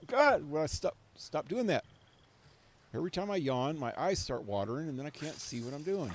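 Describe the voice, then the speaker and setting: A man's voice: a little high, sing-song, moderate pace, a little hiss or hum. A man streaming a video game, chatting casually and joking with himself about what happens on screen, from a cold room at home. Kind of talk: casual commentary while playing.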